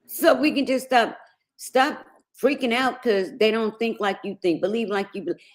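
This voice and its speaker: A woman reverend guest-hosting a morning talk show, teaching in a steady, sermon-like way. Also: fairly high pitch, normal speed. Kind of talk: casual morning show chat.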